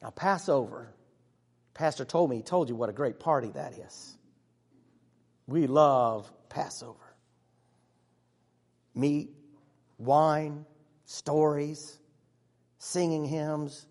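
A man playing an earnest, excitable disciple who tells his own story in a church monologue, chatty with sudden hushes and bursts. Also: on the high side, slow, long pauses. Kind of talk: first-person dramatic monologue. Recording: long reverb of a large hall.

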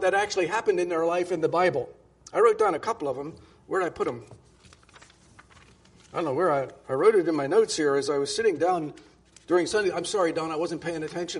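A pastor preaches to his congregation, a man with a fairly high voice. His tone is husky, and he talks in a loose, conversational way, often restarting phrases and stressing the scripture he quotes. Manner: conversational, with many restarts and emphatic quoting. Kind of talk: sermon.

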